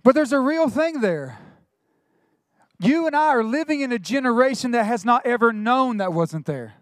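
A middle-aged male pastor, preaching a sermon with quick asides and retold dialogue. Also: extremely high pitch, animated, no echo, clean studio sound.

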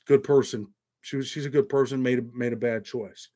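A man's voice: medium pitch, fairly even intonation, brisk, warm tone. A man hosting a casual livestream, rambling and profane, reading viewer donations aloud between prison stories. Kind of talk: casual live chat with viewers.

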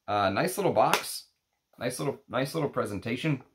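A man's voice: mid-range voice, expressive, normal speed, noisy background. A man chatting casually as a fragrance reviewer, rambling and thinking aloud as he unpacks samples. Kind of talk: casual unboxing chat.

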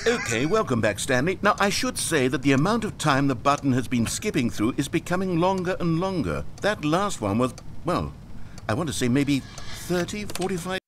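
A man's voice: fairly high pitch, very animated, moderate pace, noisy background. An actor voicing a pompous, wry male narrator in a video game, speaking in a dry, theatrical, wordy way.

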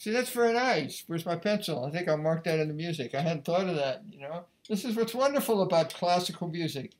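A man's voice: fairly high pitch, lively intonation, a little fast, soft background music. Man teaching violin, thinking aloud. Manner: conversational, thinking aloud as he plays. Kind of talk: music lesson. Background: faint violin playing.

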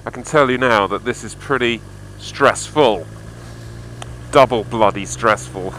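A man's voice: medium pitch, unhurried, a bit bright, slight background noise, low-quality recording. A man recording a casual video diary while riding a motorbike through snow, giving a running commentary full of swearing and exasperation. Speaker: motorcycle vlogger.

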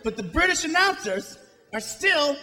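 A man's voice: very high voice, big pitch swings, moderate pace, long reverb tail, slight background noise. A male stand-up comedian making sardonic, mocking observations on stage. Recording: live club, loud crowd laughter.

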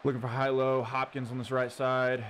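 A man hosting his gaming channel, giving casual running commentary on his own football video game and cheering loudly at big plays. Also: mid-range voice, level tone, moderate pace. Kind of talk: live gameplay commentary. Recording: audible background noise.

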